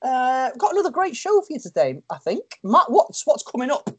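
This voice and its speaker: A man's voice: very high-pitched, wildly swooping pitch, moderate pace, a bit bright, breathy edge, highs cut off. A man with a Liverpool accent co-hosting a podcast, upbeat and chatty, often restarting his words. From Liverpool, England. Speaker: podcast co-host. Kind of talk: casual podcast chat.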